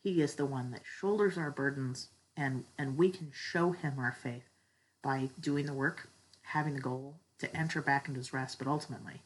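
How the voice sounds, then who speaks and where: Low, husky woman giving an earnest faith talk. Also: normal speed, low-quality recording. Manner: earnest, heartfelt storytelling. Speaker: church speaker. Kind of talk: personal faith talk with a story.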